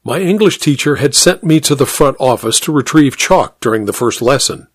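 A man reads a first-person story aloud in a measured, wry way. His pitch moves a lot as he tells it, and the recording is dry and close, with no room sound. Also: expressive, slightly rough, dry recording. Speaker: narrator.

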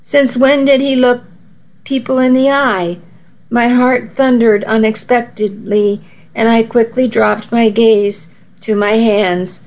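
A woman's voice: a little high, steady tone, slow, a little mellow, muffled recording. A woman narrating a first-person story in a wry, self-mocking tone.

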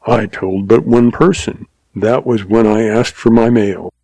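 A man's voice: fairly low pitch, steady tone, a little slow, vocal fry, dark tone, no room sound, rough recording. A man voicing a cool, tart young cowboy who speaks in a dry, casual western drawl. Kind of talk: audiobook character voice.

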